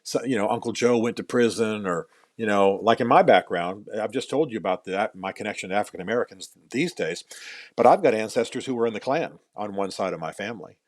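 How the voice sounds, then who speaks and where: Earnest middle-aged man, lowish voice. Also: a little fast, no echo. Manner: earnest, repeats words while building points, dry self-deprecating jokes. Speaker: author and podcast guest. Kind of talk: podcast interview, storytelling.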